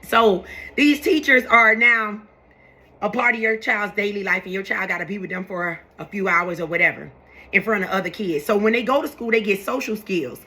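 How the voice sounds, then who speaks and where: A young woman with a bright, sharp voice talks straight to her viewers in an animated, preachy way. She circles back and repeats her points as she goes. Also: medium pitch, moderate pace. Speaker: vlogger talking to her viewers. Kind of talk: casual live chat to camera.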